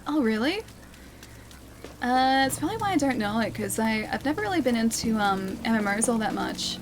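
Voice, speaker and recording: A young woman streaming a game and chatting with viewers, speaking clearly with a slight lisp from her retainers. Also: fairly high pitch, lively intonation, normal speed, background noise. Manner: clear, well-enunciated speech. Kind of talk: casual live-stream gameplay chat. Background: game music.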